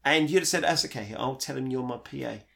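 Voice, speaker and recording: A woman's voice: very deep voice, fast talker, creaky, fairly bright tone. A woman in casual conversation, reacting to a story with shocked, amused interjections. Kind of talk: casual chat.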